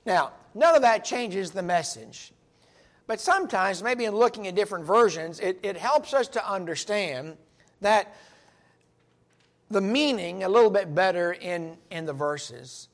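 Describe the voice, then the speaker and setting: A man's voice: high voice, animated, unhurried. A man teaching a Bible study, earnest and emphatic, stressing key words as he reads verses aloud.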